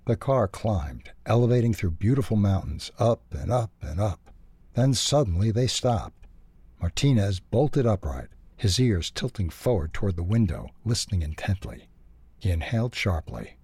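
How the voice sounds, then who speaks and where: A man reading a children's storybook aloud, expressive and lively. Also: on the low side, moderate pace, husky, dry recording.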